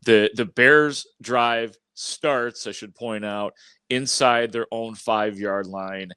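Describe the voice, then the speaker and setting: A man's voice: on the low side, slow pace, sharp tone, smooth, no echo. A man co-hosting a postgame sports podcast, recapping the plays in a conversational way with frequent restarts. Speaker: podcast co-host.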